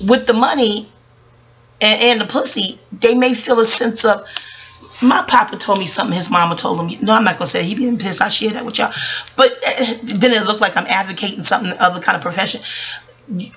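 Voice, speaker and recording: A woman's voice: medium pitch, fairly bright tone. A woman in her forties ranting on a vlog, passionate and swearing, rambling between jokes and asides. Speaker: vlogger. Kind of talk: profane commentary rant.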